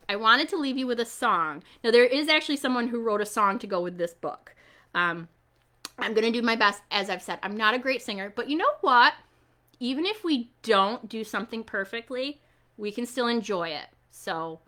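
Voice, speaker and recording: A woman hosting a children's storytime online, animated and coaxing as she talks straight to the kids. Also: a little high.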